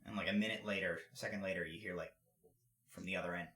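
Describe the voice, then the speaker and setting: A man's voice: sits low, steady tone, fast talker, bright, forceful tone, roomy sound. A man narrating as game master of a tabletop game, with loose, filler-heavy narration.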